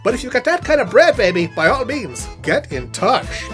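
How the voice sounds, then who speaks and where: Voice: big pitch swings, moderate pace, over music, natural voice. A performer voicing a vain male puppet professor who talks to camera as a comic spokesman, theatrical and sassy. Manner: theatrical, sassy, swooping pitch. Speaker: puppet spokesman for custom videos. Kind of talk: comic scripted monologue to camera. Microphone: on-camera puppet set.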